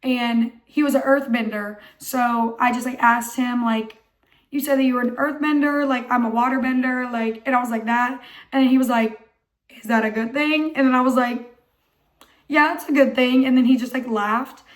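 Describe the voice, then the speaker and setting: A young woman with a hoarse voice tells a story for her vlog in a high voice. She talks in an excited, chatty way and says "like" all the time. Her voice is still rough and not fully recovered. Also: normal speed. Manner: excited, chatty, heavy use of "like". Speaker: vlogger.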